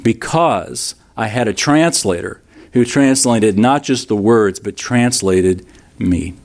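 A man's voice: on the low side, takes it slowly. Preaching man telling a story. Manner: storytelling, acting out quoted voices. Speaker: pastor. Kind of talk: sermon.

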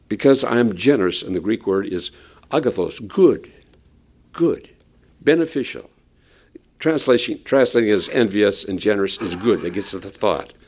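A male preacher delivering a sermon, telling the story with animated flair. His voice is gravelly, and his pitch moves a lot between phrases. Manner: animated storytelling, acts out quotes.

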